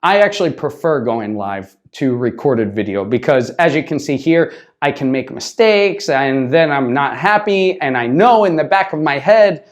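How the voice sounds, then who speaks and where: A man's voice: fairly high pitch, expressive, normal speed, few pauses. A man teaching business English to camera in a casual style, often checking in with "right?" and dropping into brief Spanish asides. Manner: conversational, repeats "right?" often.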